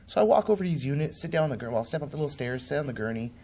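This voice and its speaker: A man's voice: a little high, sing-song, rapid-fire, dark tone. A man being interviewed as a political candidate, telling a personal story vividly and acting out the voices of the people in it. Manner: vivid, acts out quoted voices.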